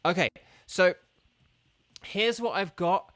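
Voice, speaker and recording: A man's voice: high-pitched, slow, a bit bright, no echo. A man chatting casually with viewers during a live game stream, rambling and organizing who plays next.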